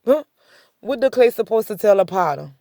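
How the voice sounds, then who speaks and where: A woman's voice: medium pitch, expressive, moderate pace, gravelly, warm tone, no echo, studio quality. A woman sharing a casual spoken faith testimony, talking conversationally, repeating herself and chuckling between points. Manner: repetitive, conversational storytelling with many "I said" asides. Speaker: faith vlogger.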